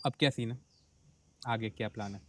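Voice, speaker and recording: Quick-talking podcast host. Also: male voice, lowish voice, steady tone, fairly bright tone. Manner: chatty, quick follow-up questions. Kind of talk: casual podcast interview.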